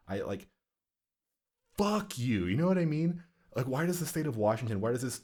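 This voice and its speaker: A young man on a podcast, ranting in casual chat with a lot of swearing and exasperation. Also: fairly low pitch. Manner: ranting, profane, exasperated storytelling. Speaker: podcast co-host.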